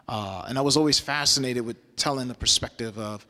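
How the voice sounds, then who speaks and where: New solo performer, casual lecture, mid-pitched voice, echoing hall. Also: male voice, fairly quick, sharp tone. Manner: conversational, loose, asks audience "right?". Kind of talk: university lecture with storytelling. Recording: long hall reverb.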